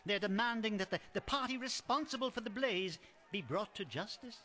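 A nervous, fawning imperial servant. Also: male voice, high voice, brisk. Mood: obsequious. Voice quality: nervous, flattering. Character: timid, fawning adult male imperial servant.

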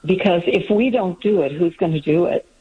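Husky-voiced woman in easy talk-show chat. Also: fairly low pitch, normal speed, phone-quality sound. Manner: agreeable, gives frequent short affirmations. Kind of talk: casual talk-show discussion.

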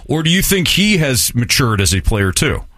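A man's voice: medium pitch, very animated, moderate pace, fairly bright tone, no echo. A man hosting a sports radio show, asking loose, rambling questions.

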